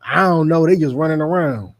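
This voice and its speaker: A middle-aged man preaches a street sermon with a New Jersey accent. His voice sits high for a man, and he drives every point home by repeating it. He slips into mocking asides along the way. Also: fairly quick. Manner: emphatic, repetitive, mocking asides in character.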